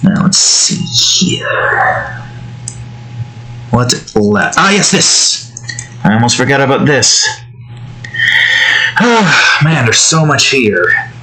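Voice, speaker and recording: A young man narrating his digital painting in a loose, rambling way. He mutters to himself as he works, and his voice sits at an ordinary middle pitch. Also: expressive, slow pace, pauses often, bright, forceful tone, soft background music, poor audio. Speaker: digital artist. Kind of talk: casual narration while drawing.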